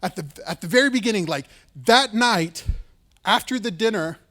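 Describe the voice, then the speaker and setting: A male pastor with a high voice tells a story during his sermon. He talks casually and loosely, dropping "like" and "right?" often, and often leans on dramatic emphasis. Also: normal speed. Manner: casual, lively retelling with fillers like "like" and "right".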